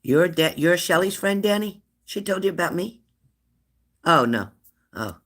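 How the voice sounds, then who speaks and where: A woman in her fifties hosting a live stream, chatting warmly and laughing as she reads out viewers' comments. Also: fairly low pitch, lively intonation, a little slow. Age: 50s. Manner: chatty and affectionate, laughs often, answers comments aloud. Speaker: livestream host of a spirit-messages channel.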